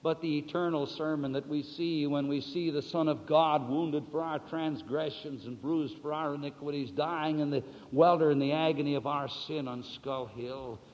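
A man preaching a sermon, swinging between soft, low passages and loud, drawn-out words, and asking the listeners questions he answers himself. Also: fairly even intonation. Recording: dull, lo-fi sound with long hall reverb.

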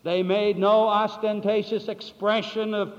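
A man preaching a sermon, swinging between soft, low passages and loud, drawn-out words, and asking the listeners questions he answers himself. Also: flat delivery. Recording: dull, lo-fi sound with long hall reverb.

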